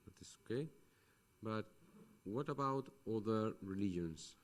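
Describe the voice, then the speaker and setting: A man's voice: fairly low pitch, lively intonation, measured pace. A man from the audience, not a native English speaker, asking a question hesitantly and searching for words.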